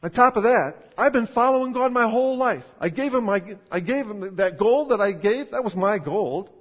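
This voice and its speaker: A man's voice: high voice, expressive, normal speed, pitched above the performer's own voice. A man voicing an aggrieved, self-righteous old king who insists he did nothing wrong. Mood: indignant. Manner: indignant, insistent complaining. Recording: dull sound in a reverberant hall.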